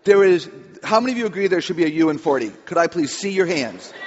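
A woman's voice: fairly low pitch, expressive, fast, darkish tone, slight background noise. A chatty woman speaker on stage, playful and drawing in her audience. Her voice rings through a big hall with long reverb and a dull, lo-fi sound. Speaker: author and speaker on children. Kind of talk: humorous talk to a live audience.

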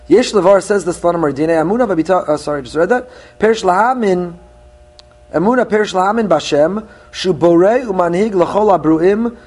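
Rabbi delivering a sermon, middle-aged man, slightly high voice, earnest, Hebrew phrases in English. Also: a little mellow, slightly rough. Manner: earnest teaching, with rising emphasis on key points.

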